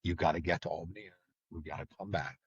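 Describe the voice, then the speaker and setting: A middle-aged man, a retired trooper, telling a story in a blunt, vivid way, loudly acting out the lines of the people he quotes. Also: low-pitched, steady tone, fast, breathy edge, no echo, highs cut off. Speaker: retired state trooper guest. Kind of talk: casual storytelling in a podcast interview.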